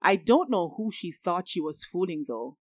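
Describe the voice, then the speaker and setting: Low-voiced woman reading an audiobook. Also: sing-song, normal speed, a little mellow, dry recording. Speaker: audiobook narrator. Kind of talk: first-person audiobook narration.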